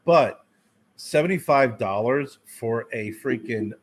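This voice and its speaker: A man's voice: medium pitch, expressive, slow. Man griping casually about prices. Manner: exasperated complaining about prices. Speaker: podcast co-host. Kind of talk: casual chat.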